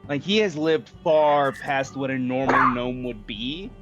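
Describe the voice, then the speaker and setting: A man's voice: mid-range voice, measured pace, muffled recording, loud music behind the voice. A man running a tabletop game as dungeon master, narrating loosely with lots of fillers and laughter.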